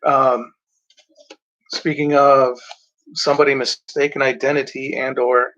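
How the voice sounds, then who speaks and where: A man talking casually about movies, rambling and halting, often clearing his throat and filling pauses. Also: medium pitch, little pitch movement, a bit bright, highs cut off. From Mexico. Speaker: movie reviewer. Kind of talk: casual movie talk, reading back covers.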